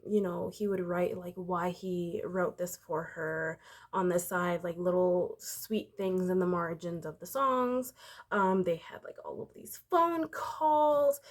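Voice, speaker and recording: A woman and parent talking casually in a book vlog, rambling with lots of "like" and restarts. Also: mid-range voice. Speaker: book vlogger. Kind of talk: casual book review chat.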